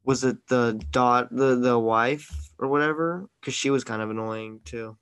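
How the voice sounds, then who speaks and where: A man's voice: mid-range voice, steady tone, a little slow, a bit bright, smooth. A man hosting a casual movie-review podcast over an online call, opinionated and teasing, with mock exasperation. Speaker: podcast host.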